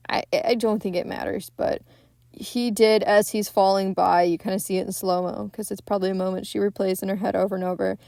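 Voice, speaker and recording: A woman's voice: medium pitch, creaky, a little mellow, dry recording, clean studio sound. A woman hosting a podcast, chatting casually and profanely as she retells a movie scene by scene. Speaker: podcast host.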